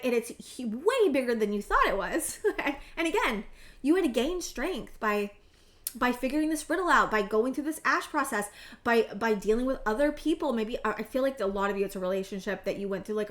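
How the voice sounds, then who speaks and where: A woman in her thirties giving an emotional tarot reading, earnest and halting, often restarting her sentences and close to tears. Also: a little high. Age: 30s. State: tearful, emotional. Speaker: tarot reader.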